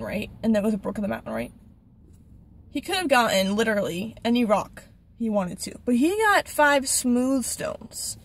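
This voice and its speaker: A woman hosting a casual Bible study video, retelling the story in a chatty, animated way. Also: medium pitch, slight background noise. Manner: chatty, animated, with quick restarts. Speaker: channel host, Bible study.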